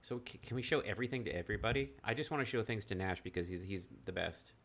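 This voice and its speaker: A man's voice: fairly low pitch, fast talker, a bit bright, slight background noise. A man playing through a text adventure game, chatting casually and reading the game text aloud with voices. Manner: chatty, laughs easily, reads the text with voices. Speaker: game streamer.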